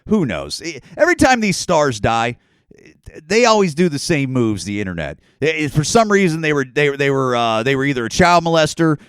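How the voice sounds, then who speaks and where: A man's voice: fairly high pitch, sing-song, normal speed, clear, resonant tone, dry recording. Profane, rambling male podcast host. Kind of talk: casual solo podcast rant.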